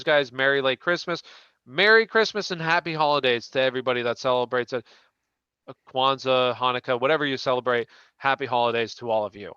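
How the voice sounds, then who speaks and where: A man's voice: mid-range voice, bright, forceful tone, clean tone, no room sound, dull audio. A man hosting a live question-and-answer stream, chatting casually and restarting his sentences as he answers viewers. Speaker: fantasy football show host.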